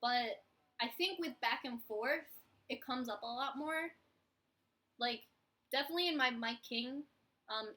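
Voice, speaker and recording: Her voice sits on the high side, pushed and bright, as this Philadelphia-accented woman in her twenties chats on a live vlog. She mocks herself freely and imitates the people she quotes.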